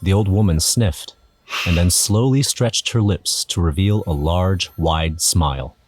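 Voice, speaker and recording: A man's voice: sits low, unhurried, a little hiss or hum. A man narrating an audio drama in first person, nervous and wry. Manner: nervous, wry inner monologue. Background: music.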